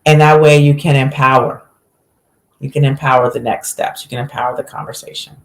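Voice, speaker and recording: A woman physician, a guest on a podcast, telling a story with lively acted-out quotes in a relaxed conversational way. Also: extremely low pitch, brisk, roomy sound. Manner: animated storyteller, acts out quotes.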